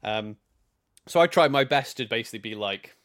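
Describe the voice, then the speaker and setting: A man co-hosting a casual podcast, talking at an ordinary male pitch. He rambles, restarts his sentences and laughs often. His speech is loose and chatty. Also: animated, normal speed, a bit bright. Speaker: podcast co-host. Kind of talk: casual chat.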